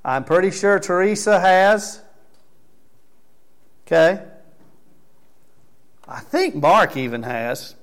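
A male pastor with a gravelly, slightly raised voice speaks to his congregation in a church. He talks in an easy, conversational way, calling people up by name, then moves into prayer. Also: high voice, animated, slow pace, long pauses. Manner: conversational, calls out members by name. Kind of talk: sermon with congregation recognition. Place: church sanctuary.

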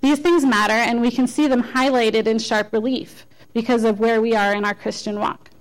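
A woman's voice: fairly high pitch, steady tone, moderate pace, rough recording. A woman giving an informal sermon as a lay speaker, conversational and self-deprecating, with frequent restarts.

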